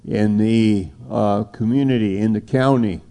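A man's voice: on the low side, a little slow, dark tone, clear, resonant tone. A man preaching an informal sermon, rambling and conversational. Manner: rambling, conversational, acts out little dialogues.

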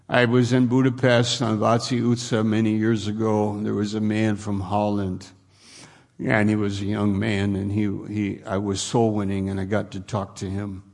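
A man's voice: lowish voice, creaky. A man pastor preaching a sermon, earnest and repetitive, building his points to emphatic preaching.

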